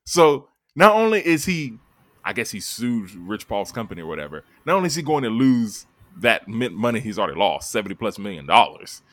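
A man hosting a sports podcast in casual chat, emphatic and quick to laugh. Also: fairly low pitch, no echo. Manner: animated, emphatic, laughs easily.

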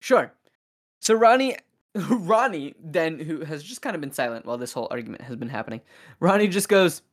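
Podcast host, casual film recap, animated delivery with quick character voicing. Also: medium pitch.

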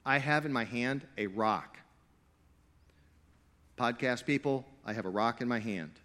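Man, pastor, preaching live. Mid-range voice, dynamic delivery that moves from booming to hushed, with a teasing, playful streak. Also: unhurried. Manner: animated preaching, swinging between loud emphatic stretches and low quiet asides; playful, jokey with the crowd. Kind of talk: sermon to a live congregation.

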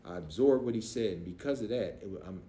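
A man's voice: on the low side, fast. A middle-aged man, a pastor, telling a story from his life in a podcast interview in casual speech and acting out the voices of others. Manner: animated, acts out voices, casual dialect grammar. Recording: roomy echo, faint noise.

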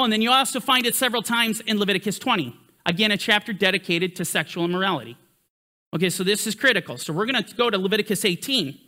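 High, bright, emphatic male Bible teacher. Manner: emphatic, pitch swinging with emphasis. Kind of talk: teaching sermon.

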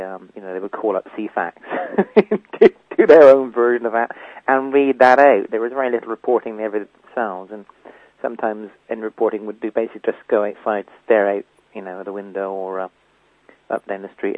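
A man's voice: fairly low pitch, no room sound. A man being interviewed as the writer of a comedy, hesitant, with many ums and chuckles. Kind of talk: radio interview. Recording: tinny phone line.

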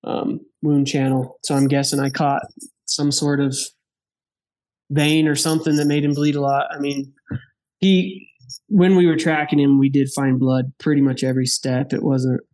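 A man telling a hunting story in casual chat, animated, laughing and acting out the dialogue of the people in it. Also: medium pitch, moderate pace. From Wyoming. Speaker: podcast guest.

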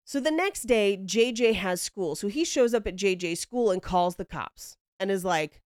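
A woman's voice: medium pitch, expressive, unhurried, few pauses, no echo, studio quality. A young woman hosting a podcast, casually telling a story, acting out quotes and laughing often. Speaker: podcast host.

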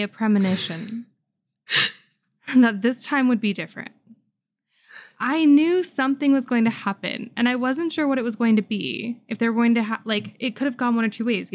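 A woman in her thirties co-hosting a relaxed chat show, spinning an everyday story with lively bursts and voices for the people she quotes. Her pitch sits in the middle, and the sound is close and dry, with no room around it. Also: dry recording. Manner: animated storyteller, jumps pitch for quoted voices, laughs often. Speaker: podcast co-host.

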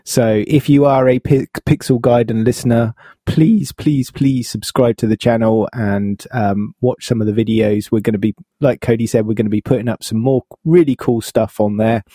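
A man co-hosts a gaming podcast in a soft, mellow tone and pauses often with ums. The mic is close and dry. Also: mid-range voice, steady tone, no room sound. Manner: hesitant, many ums. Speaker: podcast co-host. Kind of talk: casual chat.

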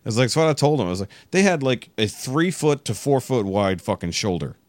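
A man's voice: mid-range voice, very animated, brisk, a little mellow, no room sound. A man from Texas telling a long exasperated story in casual podcast chat, swearing freely. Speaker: podcast guest.

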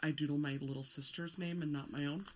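A woman's voice: deep voice, fairly even intonation, quick pace, a little hiss or hum. A woman in casual chat, telling funny personal stories with a straight face.

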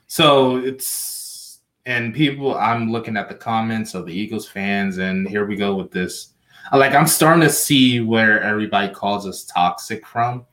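A man co-hosting a casual sports podcast, talking in halting bursts with restarts and slightly slurred words. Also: lowish voice, a bit bright. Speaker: podcast co-host.

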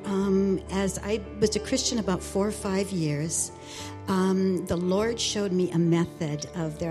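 A woman in her sixties giving a personal testimony, earnest and halting, with many fillers and restarts. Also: on the low side. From Alaska. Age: 60s. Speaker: speaker sharing testimony.

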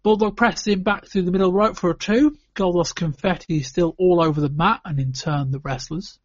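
A British man hosts a podcast and walks through a wrestling match move by move. His voice sits a little high, and his delivery is wry and matter-of-fact. The sound is dry and a bit dull. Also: normal speed, dry recording. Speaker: podcast host.

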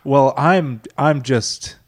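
A man's voice: medium pitch, very slow. A man caller, awkward and hesitant, wrapping up a call. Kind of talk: comedy sketch.

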